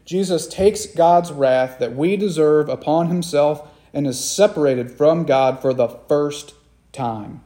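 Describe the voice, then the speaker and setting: Earnest preacher man, mellow voice. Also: on the high side, slow pace. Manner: earnest, repeats phrases for emphasis; asks the listeners questions directly. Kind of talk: sermon.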